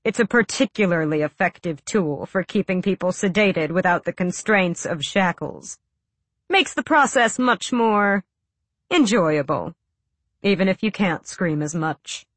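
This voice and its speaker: A woman reading an audiobook voices a cool, bored, cruel male villain who speaks with soft, slow, silky menace. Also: fairly low pitch, animated, no room sound. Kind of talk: audiobook character voice.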